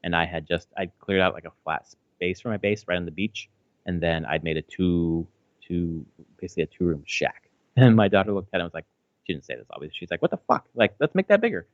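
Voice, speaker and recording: A man's voice: sits low, a little fast, no room sound. A man in his thirties chatting casually as a podcast co-host, rambling with lots of fillers and restarts and swearing freely. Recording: slightly dull, dry audio.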